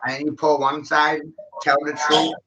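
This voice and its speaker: Bright-voiced man ranting, lo-fi. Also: on the high side, little pitch movement, measured pace, slight background noise. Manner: angry, swearing, erratic. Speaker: vlogger. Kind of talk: profane rant to camera.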